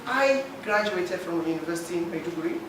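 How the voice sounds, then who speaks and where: A man's voice: sits high, lively intonation, fast. Guy giving a heated comment at a forum, far from the mic, big echoey hall, noisy. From Nigeria. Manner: emotional, pleading. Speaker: forum participant. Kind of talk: impassioned public comment. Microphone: handheld mic.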